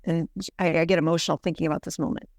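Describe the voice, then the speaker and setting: Racing along in a low, flat delivery, this middle-aged American woman physician earnestly relates a personal story, repeatedly restarting with "you know." It's a studio-quality recording with no echo.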